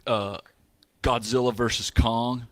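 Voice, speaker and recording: A man's voice: mid-range voice, level tone, slow, no room sound. A man co-hosting a sports show, chatting casually in a playful, joking way and laughing often. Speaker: co-host.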